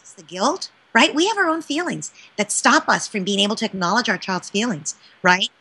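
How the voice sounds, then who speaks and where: A woman speaking as a parenting expert in an interview, animated and often checking in with "right?". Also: medium pitch, brisk, husky. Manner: animated, keeps asking "right?". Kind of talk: interview answer, advice.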